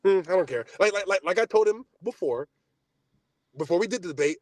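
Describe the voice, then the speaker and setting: A young man rants on his podcast with a fairly high, very lively voice that jumps between loud boasts and low mutters. He is profane and cocky, and the sound is close and dry. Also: fairly quick, no echo. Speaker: podcast host. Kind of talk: heated casual podcast rant.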